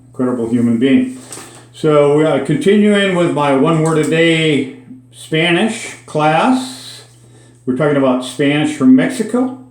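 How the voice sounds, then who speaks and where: A podcast host from Minnesota, with the accent to match, teaches a daily Spanish word in a chatty, folksy casual lesson full of dry asides. His voice is fairly high with lively intonation, he speaks unhurriedly, and the room sounds echoey.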